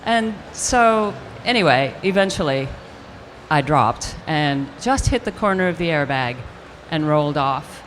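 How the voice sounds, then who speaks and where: An older actress telling an animated story in a live stage interview, acting out the voices of the people she quotes. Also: low voice, unhurried, a little hiss or hum. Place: convention stage with audience hall ambience.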